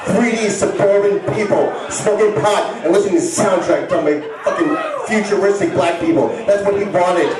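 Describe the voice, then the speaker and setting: Stand-up guy rambling and stuttering, yells a lot, far off mic in a super echoey club, crowd laughing. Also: sits high, normal speed. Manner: rambling, stammering, bursts into shouting. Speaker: stand-up comedian. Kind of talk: stand-up comedy set. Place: bar stage with live audience.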